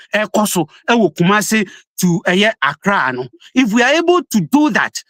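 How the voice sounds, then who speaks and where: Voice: mid-range voice, a bit bright, no echo. A speaker from Ghana with a Ghanaian English accent, an opposition party spokesperson arguing hard in a live political debate and switching languages mid-sentence. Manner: insistent, emphatic, code-switching mid-sentence.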